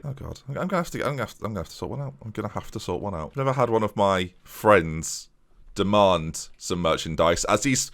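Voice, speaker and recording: A man's voice: medium pitch, big pitch swings, fast talker, fairly bright tone. A man giving chatty let's-play commentary on a football management game, talking straight to his viewers. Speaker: video game streamer.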